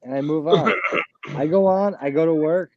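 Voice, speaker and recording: Crowd noise fills the background as a man with a fairly high voice talks at normal speed, the highs cut off. He's the blunt host of a casual live show, swearing plenty and boasting about pushing through with little sleep.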